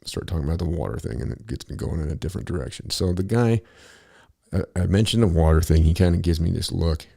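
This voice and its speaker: A man's voice: deep voice, fast talker, vocal fry, mellow, husky. A man telling a long, rambling story in casual talk, profane and easily sidetracked.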